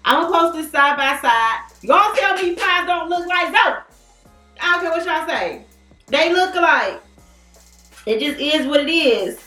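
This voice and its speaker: A woman hosting a casual celebrity gossip chat, talking in an animated, slangy and playful way. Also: very high-pitched, measured pace, soft background music. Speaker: podcast host. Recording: echoey room, far from the mic.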